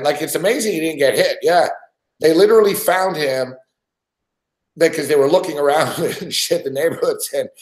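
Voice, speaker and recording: A man co-hosting a sports betting talk show tells a story in loose casual chat. He swears freely and laughs between his lines. His voice sits a little high, and the room around him is echoey.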